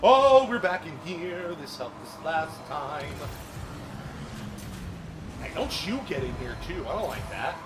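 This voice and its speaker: A man streaming a racing game, commenting casually, swearing often and breaking into yelps and shouts. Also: high voice, a little slow, music in the background. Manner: excitable, swears a lot, bursts into yelps and shouts. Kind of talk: live gameplay commentary. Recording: noisy game stream audio.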